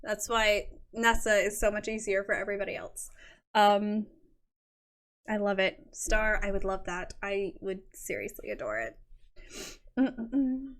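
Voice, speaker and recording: A woman's voice: mid-range voice, normal speed, a bit bright. A young woman hosting a livestream, chatting casually with viewers and gushing over their work. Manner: gushing, effusive, reads chat aloud. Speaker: livestream host.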